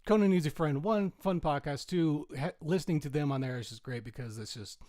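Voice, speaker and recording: A man's voice: fairly high pitch, a little fast, mellow, no echo, clean studio sound. A man co-hosting a podcast in casual chat, rambling eagerly through his stories. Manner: enthusiastic, rambling storyteller. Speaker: podcast co-host.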